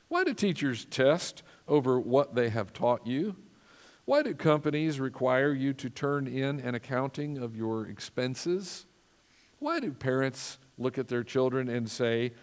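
A man pastor preaching a sermon in an earnest, emphatic way, asking the congregation for responses. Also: mid-range voice. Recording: long reverb of a church hall.

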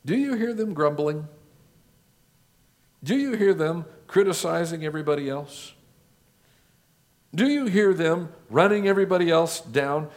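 A male pastor preaching a sermon, building his points with lists and rhetorical questions. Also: fairly high pitch. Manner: rhetorical questions, measured listing.

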